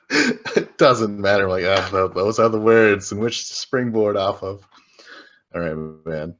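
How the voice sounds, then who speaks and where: A man's voice: lowish voice, fairly bright tone, dull audio, slight background noise. A man co-hosting a podcast, recapping a reality show episode in a casual, profane, rambling way and acting out quotes. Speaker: podcast co-host.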